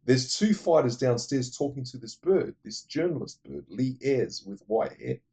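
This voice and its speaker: A man's voice: mid-range voice, animated, gravelly, mellow, husky. A man casually retelling a film plot, rambling and swearing, losing his thread now and then. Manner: acts out the characters' lines in quick impressions.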